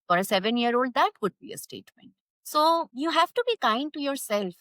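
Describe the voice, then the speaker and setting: A woman's voice: high voice, animated, brisk, fairly bright tone, no room sound, rough recording. A woman, a parenting coach giving earnest, step-by-step advice as a podcast guest. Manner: firm, earnest, explains step by step.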